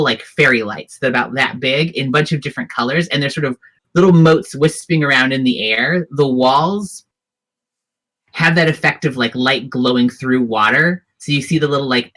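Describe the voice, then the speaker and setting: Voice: mid-range voice, moderate pace, a bit bright. A game master narrating a tabletop role-playing scene in detail, with frequent fillers and restarts. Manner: descriptive, hesitant with fillers.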